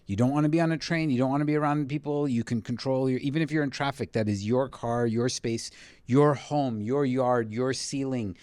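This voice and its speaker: A man who works as a TV writer, a guest on a podcast in a living room, talking in a reflective, measured way. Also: mid-range voice, darkish tone, no echo. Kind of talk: casual chat.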